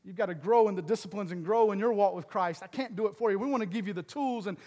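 High-voiced preacher man in a reverberant hall. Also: fast talker. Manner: swings from loud, emphatic preaching to low, earnest asides. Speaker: pastor. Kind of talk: sermon.

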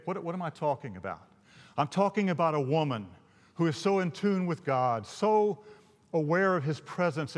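A man preaching a sermon, telling a story in an animated, rambling way with frequent restarts. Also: sits high, big-room sound. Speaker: pastor.

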